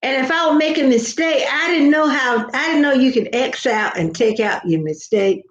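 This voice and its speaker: An older woman vlogger chats casually with her viewers, telling rambling, folksy stories in a high-pitched voice at normal speed. The recording sounds roomy and slightly dull.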